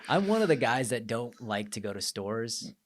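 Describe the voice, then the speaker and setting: A young man hosting a podcast, telling stories in a lively, animated way and acting out his own quotes. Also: mid-range voice, normal speed. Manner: animated storyteller, acts out quotes. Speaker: podcast host. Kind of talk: casual podcast chat.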